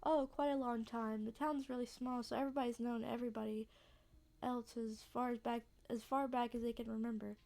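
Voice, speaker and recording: A woman's voice: fairly high pitch, vocal fry, a little mellow. A woman voicing a cheerful, teasing young small-town woman, reading game dialogue with a playful, dramatic delivery.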